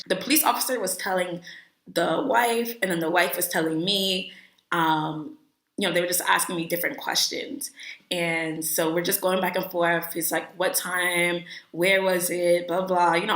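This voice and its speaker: A woman's voice: lowish voice, roomy sound. Chatty young woman telling a storytime. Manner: animated, chatty, many "like" fillers, acts out quotes. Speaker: vlogger telling a travel story. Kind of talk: casual storytime.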